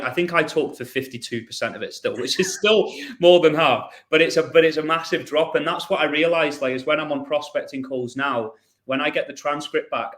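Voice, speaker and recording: A man's voice: medium pitch, fairly bright tone. A man hosting a podcast in a casual, chatty way, often restarting and repeating words. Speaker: podcast host.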